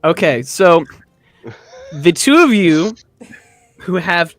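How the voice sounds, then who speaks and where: A man's voice: high voice, slow, dry recording, faint music behind. Man casually narrating a tabletop game. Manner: casual, animated storytelling with many fillers. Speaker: dungeon master.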